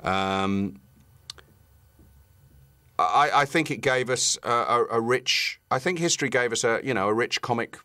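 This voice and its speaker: A man's voice: medium pitch, unhurried, pauses often, sharp tone, no room sound. A man, a comedy writer, talking enthusiastically in an interview with many restarts.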